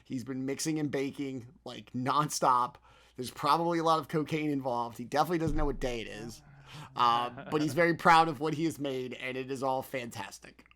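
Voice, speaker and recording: A man's voice: mid-range voice, a little fast, a bit bright. A man narrating as game master in a tabletop game, in a loose, rambling manner full of fillers.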